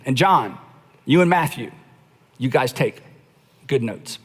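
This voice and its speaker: A middle-aged male pastor preaching a conversational sermon, slowing down to dramatize quoted lines. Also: medium pitch, animated, husky, big-room sound. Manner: conversational preaching, acts out quoted lines with slow emphatic phrasing.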